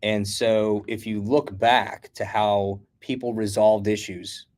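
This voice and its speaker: A middle-aged American man telling blunt, animated stories as a guest in a casual chat. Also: on the low side, slow. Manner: animated storyteller, blunt and combative.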